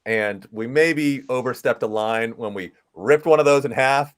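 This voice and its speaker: A man's voice: medium pitch, a little slow. A man from England co-hosting a live chat, telling a story with self-deprecating humor and laughing along. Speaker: co-host.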